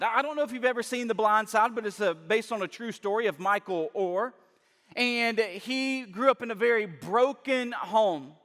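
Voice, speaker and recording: A man's voice: extremely high pitch, a bit bright. A man with a Southern US accent, preaching a sermon as a guest speaker in a church, conversational and self-deprecating. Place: church sanctuary. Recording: reverberant church hall.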